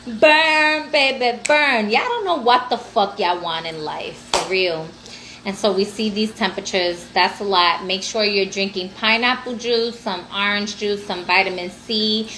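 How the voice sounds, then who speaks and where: A woman's voice: mid-range voice, moderate pace, bright, forceful tone, slight background noise. A woman hosting a livestream in casual, profane, laughing talk aimed at her viewers. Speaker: livestream host.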